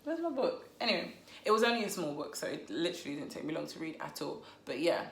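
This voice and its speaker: A woman chats casually about a novel she loved, playful and amused at her own jokes. Her voice sits fairly low for a woman. The room adds a noticeable echo around her. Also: big pitch swings, fast talker, gravelly. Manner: chatty, playful, laughs at herself. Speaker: book vlogger. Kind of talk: casual book review. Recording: roomy echo.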